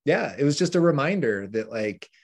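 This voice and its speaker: A man's voice: on the high side, very animated, moderate pace, gravelly, husky. A man, a podcast guest, telling a story in a loose, casual way, swearing often, laughing along and filling his talk with "like". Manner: profane, laughing, heavy use of "like".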